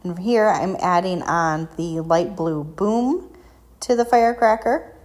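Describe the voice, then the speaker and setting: A woman's voice: lowish voice, slow, darkish tone. A woman hosting a painting and crafting tutorial, talking casually and self-deprecatingly with frequent ums. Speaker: craft shop tutorial host.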